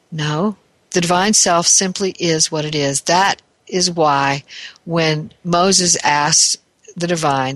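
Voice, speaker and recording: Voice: mid-range voice, a little slow, fairly bright tone, no room sound. A spiritual teacher giving a reflective talk, thinking aloud, searching for words and correcting themselves as they go. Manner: thoughtful, searching, self-correcting.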